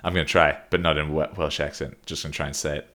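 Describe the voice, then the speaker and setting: A man with a low voice co-hosts a relaxed podcast conversation. He tells stories in a long, wandering way and breaks into laughter often as he goes. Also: fast talker. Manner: rambling storyteller, laughs often. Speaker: podcast co-host. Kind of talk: casual podcast chat.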